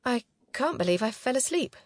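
A woman narrator voicing an anxious young woman space colonist who speaks slowly and haltingly, raised above her own pitch. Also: sing-song, breathy edge, no room sound. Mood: amazed. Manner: slow, dry-mouthed and halting.

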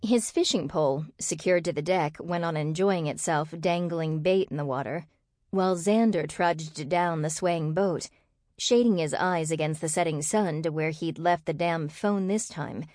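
Woman reading a novel out loud, lowish voice, dry close mic. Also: normal speed, no echo. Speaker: audiobook narrator. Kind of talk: scripted narration.

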